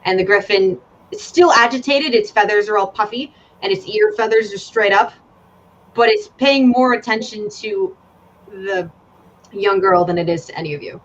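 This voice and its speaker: A woman's voice: medium pitch, moderate pace. A woman narrating a tabletop game as game master, casual and given to swearing. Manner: casual, swears, draws out descriptions. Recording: dull lo-fi audio with faint ambient noise.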